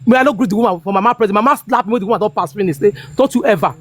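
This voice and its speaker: A woman's voice: mid-range voice, racing, dry recording. A Nigerian woman in her fifties talking heatedly and emphatically, repeating herself and checking that she is understood. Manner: emphatic, repetitive, keeps asking "you understand me?". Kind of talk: heated casual talk in Pidgin-laced English.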